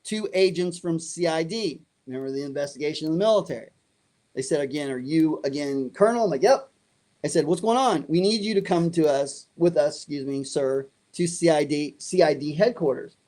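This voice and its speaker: A man's voice: fairly high pitch, a little fast. A middle-aged man telling a story in an interview, acting out the other voices in it. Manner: animated, acts out dialogue. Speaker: guest.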